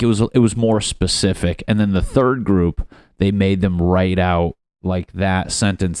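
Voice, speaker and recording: A man's voice: sits low, steady tone, measured pace, a little mellow, no room sound, clean studio sound. A young man hosting a solo comedy podcast from home, rambling in a profane, self-deprecating way. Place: at home in his apartment.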